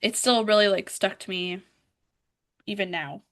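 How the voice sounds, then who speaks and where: A woman co-hosts a casual book podcast. She speaks softly and briefly, hesitating with fillers as she gives her opinion. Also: medium pitch, unhurried. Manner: soft-spoken, brief and hesitant answers with fillers. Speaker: podcast co-host. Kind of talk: casual book club chat.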